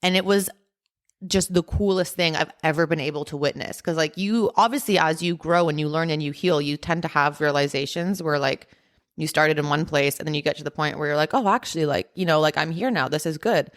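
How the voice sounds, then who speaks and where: Low-voiced woman telling a story. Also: fairly even intonation, fairly quick. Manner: chatty, heavy use of "like" and "um" fillers. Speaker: podcast host. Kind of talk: casual personal storytelling.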